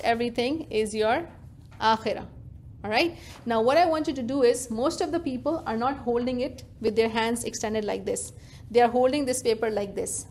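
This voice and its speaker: Higher-voiced woman teaching a religious class. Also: a little hiss or hum. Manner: animated, interactive, questions the audience directly. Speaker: Quran teacher.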